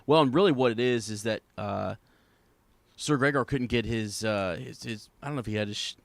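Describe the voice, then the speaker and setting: A man co-hosting a podcast, talking through a book in a halting, casual way with many restarts. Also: mid-range voice, vocal fry, no room sound. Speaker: podcast co-host.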